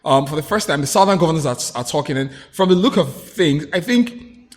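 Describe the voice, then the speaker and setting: A man giving his views as a guest on a political talk show, opinionated and halting, with frequent restarts. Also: fairly high pitch, animated. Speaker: guest commentator.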